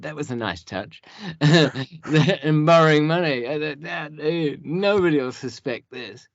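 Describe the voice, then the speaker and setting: A man's voice: a little high, measured pace, dry recording, muffled recording. A man who is a podcast guest, telling stories in a rambling way with many restarts and asides. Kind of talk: casual storytelling.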